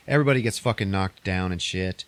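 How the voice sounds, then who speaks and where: A man talks through a movie plot on a podcast, casual and full of swearing. His voice sits low. The sound is dry and close, with no room around it. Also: fast talker, clear, resonant tone, no echo. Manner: profane, animated retelling with put-on quotes. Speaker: podcast host.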